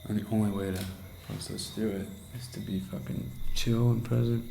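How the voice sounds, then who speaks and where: Gravelly young man in a rambling video diary. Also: steady tone, normal speed, slight background noise, low-quality recording. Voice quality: gravelly, low-set voice. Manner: rambling, intense, swears a lot, drops to hushed half-whispers. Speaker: vlogger. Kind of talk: candid late-night video diary.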